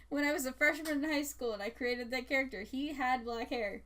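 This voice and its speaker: A woman's voice: sits high, normal speed, bright, forceful tone. A young woman artist chatting casually about her characters while she draws, rambling with lots of fillers and frequent giggles. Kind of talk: casual chat.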